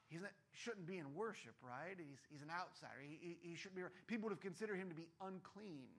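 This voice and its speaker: A male pastor gives a sermon in a loose, conversational way and keeps asking his listeners "right?". His voice sits high and sounds bright and forward. His delivery stays animated throughout.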